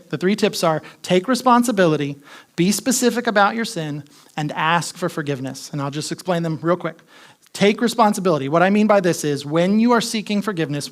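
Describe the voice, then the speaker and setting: A man preaching a sermon as pastor, talking conversationally, asking the congregation questions and repeating his key points. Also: sits high.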